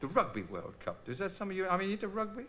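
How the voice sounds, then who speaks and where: A man hosting a television talk show, interviewing his guest with chatty, animated questions. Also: high voice, very fast, slight background noise. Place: television studio with audience.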